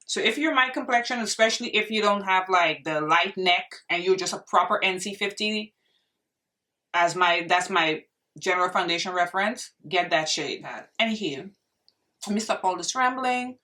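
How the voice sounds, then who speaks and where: Young woman, beauty vlogger, gushing and exclamatory, bright forceful tone, a little off-mic. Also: medium pitch, moderate pace, distant mic. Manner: gushing, exclamatory, talks to viewers as friends. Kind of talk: casual makeup review vlog.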